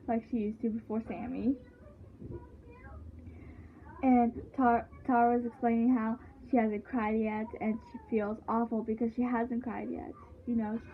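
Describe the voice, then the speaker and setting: A woman with a fairly high-pitched voice recaps a show in casual chat, rambling with lots of fillers and restarts. The audio is tinny and phone-like, with a little hiss or hum.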